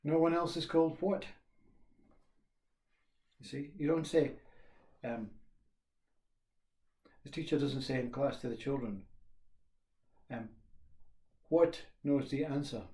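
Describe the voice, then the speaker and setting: A man giving a slow, reflective spiritual talk, repeating questions and pausing often. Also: mid-range voice, mellow, echoey room. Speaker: spiritual teacher.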